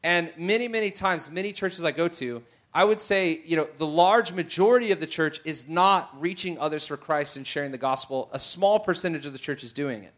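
A middle-aged man preaching a sermon, telling a personal story with animated bursts and occasional shouts. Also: a little high, brisk, few pauses.

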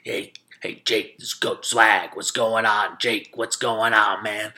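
Man doing a deep-voiced, aggressive college football recruiter, bright and forceful. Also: little pitch movement, slow pace, heavily acted. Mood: eager pitch. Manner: pushy, hard-selling. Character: short bald male football coach, pushy and aggressive.

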